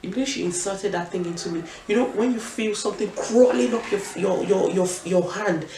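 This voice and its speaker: A young Nigerian woman telling a personal story in a vlog, in an animated and emphatic way. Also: mid-range voice, a little fast. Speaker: vlogger. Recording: roomy echo, distant mic, faint room noise.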